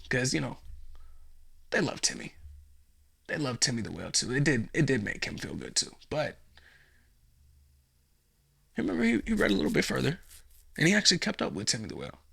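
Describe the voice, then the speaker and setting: A man's voice: mid-range voice, expressive, fairly quick, creaky, pauses often, pushed and bright. A man hosting a podcast, delivering a profane, sarcastic, rambling comedic monologue. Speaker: podcast host.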